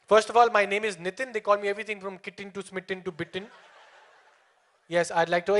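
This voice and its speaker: A man's voice: high-pitched, brisk. A young man from India performing a stand-up comedy set at a live venue, chatting with the crowd and laughing often. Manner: lively crowd work, lots of laughing.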